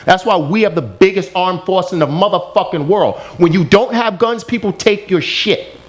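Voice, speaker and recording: A man's voice: high-pitched, normal speed. A male co-host from the United States delivering an angry, profane rant on a podcast. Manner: angry, profane, emphatic ranting.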